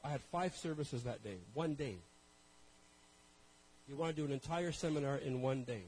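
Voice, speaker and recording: A man's voice: on the high side, darkish tone, a little hiss or hum, rough recording. A man from Canada preaching a sermon and telling a personal story. He talks conversationally, with self-deprecating asides, and addresses the congregation directly.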